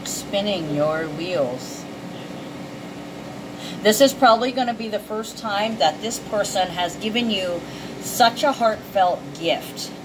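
A woman giving a casual, emotional tarot card reading, chatty and quick to swear. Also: medium pitch, expressive, noisy background.

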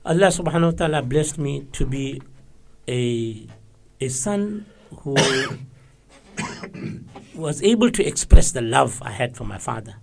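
Older man, interview guest, gravelly, lively pitch, slightly high voice, storytelling. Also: a little slow, pauses often. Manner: animated, swings between loud exclamations and soft reflection.

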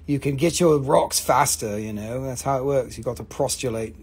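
A live-stream seller of rocks and crystals who talks in a casual, joking, profane and excitable way. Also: mid-range voice, normal speed, breathy edge. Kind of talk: casual live sales chat.

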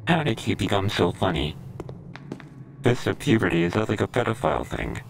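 A man's voice: fairly low pitch, very animated, brisk, creaky, a little hiss or hum. A man streaming a game, bantering in a crude, sarcastic way with casual commentary.

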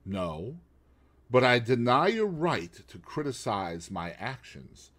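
A man's voice: medium pitch, big pitch swings, full character voice. A man doing a cool, icy, defiant wife. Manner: quiet, icy, slow. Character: cool defiant English wife, young adult.

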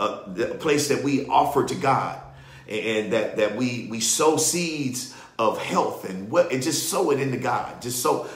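A man hosting a live ministry broadcast and leading prayer, excitable, often repeating himself and laughing. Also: mid-range voice, reverberant. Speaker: ministry host.

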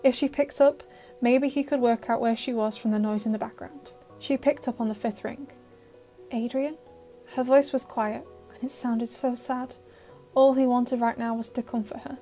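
Woman, narrator, audio fan-fiction reading, emotive, fairly high voice, faint music. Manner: steady, emotive storytelling.

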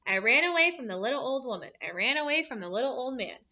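A woman's voice: sits high, big pitch swings, fast, pushed and bright, dull audio, heavily acted. A woman voicing a cheeky, boastful gingerbread cookie boy who chants taunting rhymes. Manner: taunting sing-song chant.

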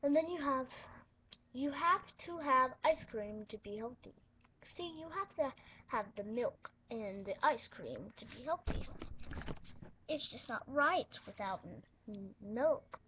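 A woman voicing a goofy male duck doctor in a toy role-play, speaking loudly and slowly in a showy way. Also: high voice, lively intonation, muffled recording, slight background noise. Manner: loud, slow, showy bedside talk.

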